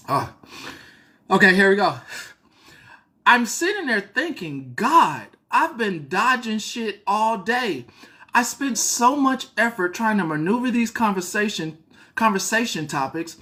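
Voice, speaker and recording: A woman's voice: medium pitch, fairly bright tone. A woman hosting a show, reading a story aloud and breaking off for blunt, profane asides. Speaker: host.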